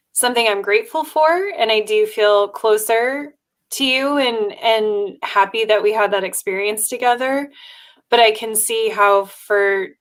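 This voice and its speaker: A woman hosting a podcast, talking through her feelings in a thoughtful, halting way during a casual chat. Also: medium pitch, fairly bright tone. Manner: thoughtful, reflective, speaks in halting phrases. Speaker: podcast host.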